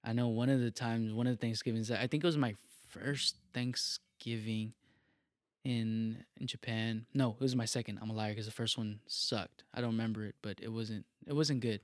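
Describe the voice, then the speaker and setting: A young man in casual chat, talking in a relaxed, rambling way and repeating himself often. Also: medium pitch, moderate pace, no room sound, clean studio sound.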